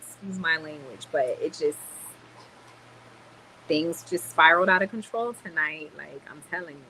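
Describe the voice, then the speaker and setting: A woman's voice: deep voice, moderate pace, pushed and bright, slight background noise, rough recording. A woman venting on a livestream, annoyed and swearing as she tells a story. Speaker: livestream host. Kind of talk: ranting livestream chat.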